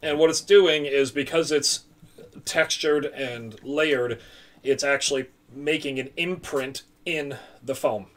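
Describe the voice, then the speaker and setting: A man's voice: medium pitch, slow. A man casually explaining a crafting technique in a hesitant, step-by-step way. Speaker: co-host demonstrating crafts. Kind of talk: casual demonstration chat.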